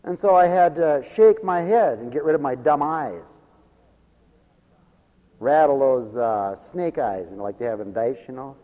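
A male pastor preaching a radio sermon, impassioned and swinging from hushed tones to loud peaks, chuckling between points. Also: mid-range voice, expressive, measured pace, long reverb tail.

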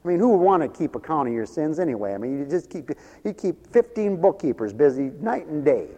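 A man's voice: a little high, sing-song, brisk, dark tone, big-room sound. A man preaching a folksy sermon, laughing often between his points.

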